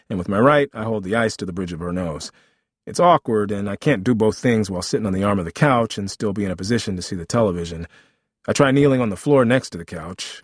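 A man's voice: on the low side, slightly rough, no echo, studio quality. A man reading a memoir aloud as narrator, with a wry, vivid storytelling manner.

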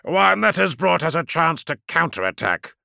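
A man voicing a daring, cool-headed male starship captain who counters calmly and barks orders. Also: on the high side, normal speed, gravelly, no echo, clean studio sound, full character voice. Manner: calm, commanding, barks orders.

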